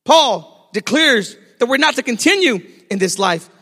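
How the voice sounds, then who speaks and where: A man preaching a sermon in a sung, rising cadence, breaking into shouts on key phrases. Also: very high voice, big pitch swings, a little slow, slightly rough. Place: church sanctuary. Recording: long reverb of a large hall.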